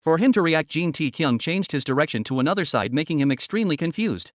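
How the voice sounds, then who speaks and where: A man narrating a comic story recap in a rushed, even storytelling manner. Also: a little high, no echo, clean studio sound.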